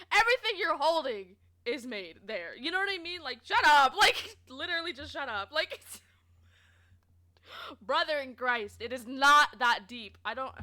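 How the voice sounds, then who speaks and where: A young woman streamer from Canada, casually telling stories to her chat, expressive and swearing freely. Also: sits high. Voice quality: expressive, swears, laughs often.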